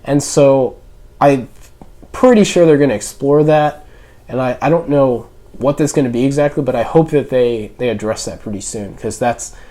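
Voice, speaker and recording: A man's voice: medium pitch, normal speed, warm tone. A young man talking through a casual spoken review, rambling with lots of fillers and restarts. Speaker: YouTube reviewer.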